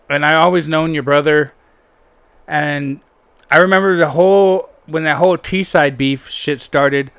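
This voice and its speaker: A young man spins a meandering story from his school days, swearing freely and leaning on fillers. His voice sits a bit high and sounds smooth and resonant. He is recorded close-up in a dry, quiet room. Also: dry recording. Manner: rambling, profane, full of fillers. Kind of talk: casual storytelling chat.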